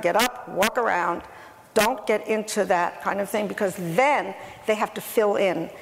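A woman's voice: mid-range voice, gravelly. A woman co-presenting a negotiation workshop, explaining tactics with quoted example phrases. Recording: noisy recording in a reverberant hall.

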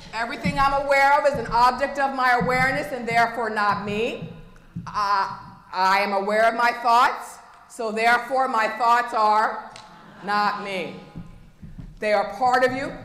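A woman's voice: a little high, fairly bright tone. A woman giving a motivational talk at a conference, engaging the audience with frequent questions. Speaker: conference speaker. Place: conference room. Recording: echoey hall with long reverb, faint noise.

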